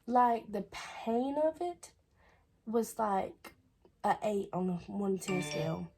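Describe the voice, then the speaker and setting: A woman's voice: mid-range voice, expressive, slow, background noise. A young woman, chattily telling a personal story on her vlog. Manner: chatty, repeats "I was like". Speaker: vlogger. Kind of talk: casual storytelling.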